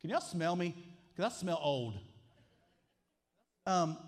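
A man's voice: sits high, sing-song, takes it slowly. A man, preaching a sermon with emphatic call-and-response lines. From Alabama, US. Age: 40s. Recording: long hall reverb.

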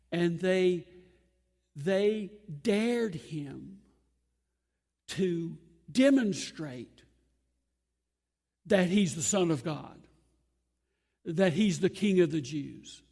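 A man preaching an earnest sermon, emphatic and pausing often between phrases. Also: high voice, creaky, warm tone. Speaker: pastor. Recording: long hall reverb.

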